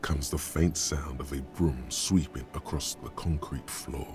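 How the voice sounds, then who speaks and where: A man's voice: extremely low pitch, steady tone, a little slow, darkish tone, faint music behind. A male actor giving scripted narration as the voice of a detective video game.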